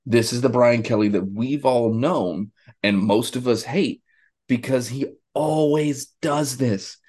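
A man co-hosting a podcast, chatting casually about sports in a rambling, animated way with many restarts. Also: mid-range voice, slow, slightly rough. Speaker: podcast co-host.

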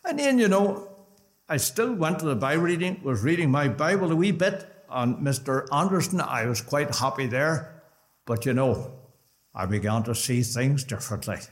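A man's voice: medium pitch, normal speed. A man with a Northern Irish accent giving his personal testimony at a gospel meeting in a conversational storytelling way. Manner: conversational storytelling with lively rises. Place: gospel hall.

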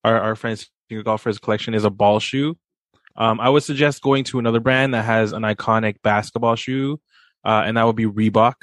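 A man's voice: fairly low pitch, steady tone, a little fast, fairly bright tone, dry recording. A man co-hosting a casual podcast, easygoing with lots of ums and likes. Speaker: podcast co-host. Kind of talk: casual sneaker podcast chat.

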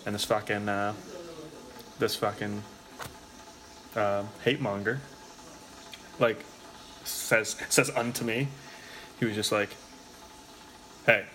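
A man's voice: lowish voice, steady tone, slow, long pauses, a bit bright, slight background noise. A man telling a long story in a rambling, casual way, swearing a lot and filling his talk with "like". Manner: rambling, profane, heavy use of filler "like".

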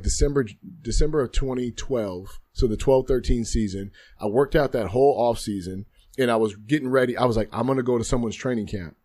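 A man's voice: mid-range voice, darkish tone. A man in his thirties, a guest in a podcast studio, speaking candidly and reflectively about his life, often repeating phrases. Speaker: guest, former football player. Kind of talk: candid interview storytelling.

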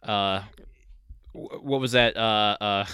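A man's voice: on the low side, slow pace, bright, forceful tone, smooth, dry recording. A man co-hosting a podcast in casual chat, making dry joking asides between hesitant fillers. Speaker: podcast co-host.

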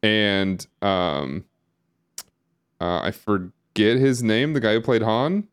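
This podcast co-host has a lowish, smooth voice and talks slowly. Recorded on a live stream, he chats casually in a rambling, hesitant way, with many fillers and false starts.

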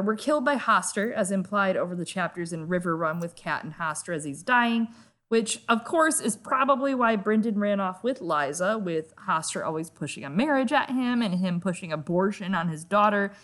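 A woman's voice: medium pitch, expressive, moderate pace, a bit bright. A woman co-hosting a podcast, chatting in a casual, rambling way. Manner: chatty, rambling, laughing often. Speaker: podcast co-host. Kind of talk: casual chat.

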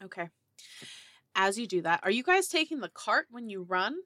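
A woman's voice: mid-range voice, very animated, moderate pace, pushed and bright, no room sound, studio quality. A woman narrating as game master of a tabletop game, casual and laid-back with fillers.

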